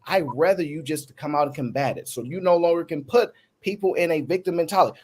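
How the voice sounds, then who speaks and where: Man, high voice, podcast host, animated, argumentative, casual debate. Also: a little fast, few pauses.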